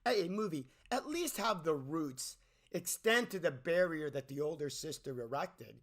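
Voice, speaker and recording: Male movie critic, high bright voice, lively swings in pitch, exasperated rant with frequent restarts. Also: a little slow. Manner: exasperated, repeats words and restarts often. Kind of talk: ranting movie review.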